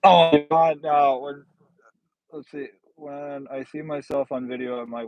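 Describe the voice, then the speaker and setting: A man on the high side of the pitch range speaks slowly with fairly even intonation, hosting a casual livestream where he reads comments. He's blunt, sardonic, and rambling with his viewers. The audio is dull, without echo.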